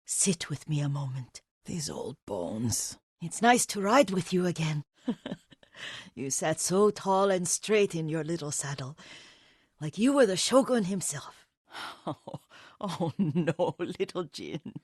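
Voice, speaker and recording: A woman's voice: fairly low pitch, animated, takes it slowly, husky, no echo, clean studio sound, exaggerated voice. An old motherly nursemaid. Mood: fond. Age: older. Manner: motherly, gently scolding. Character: elderly female nursemaid, devoted, fussing. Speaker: old servant of a samurai household.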